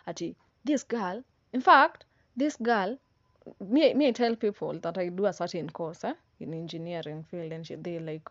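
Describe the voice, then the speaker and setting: A woman's voice: on the low side, normal speed, dry recording. A young woman in her twenties with a Kenyan accent, giving a casual motivational monologue, emphatic and repetitive, with slang and tag questions. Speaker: vlogger. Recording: dry, slightly dull sound.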